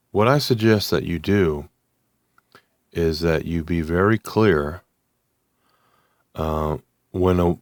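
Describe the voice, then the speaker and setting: A man with a low, deep voice talks at an unhurried crawl, pausing often and restarting his sentences. The sound is dry and close, with no room around it. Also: dry recording. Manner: slow, halting, many ums and restarts. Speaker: channel host. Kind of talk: unscripted monologue to camera.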